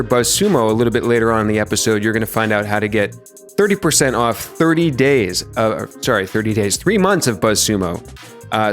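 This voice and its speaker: Male podcast host, animated pitch, upbeat interviewer, faint music behind.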